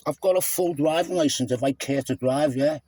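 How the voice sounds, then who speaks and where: Combative man, 50s, mellow tone, preachy roadside rant. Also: fairly high pitch, brisk, breathy edge, no echo. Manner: combative, lecturing, repeats "mate". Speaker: stopped motorist. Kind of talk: heated roadside argument. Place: roadside, by a car.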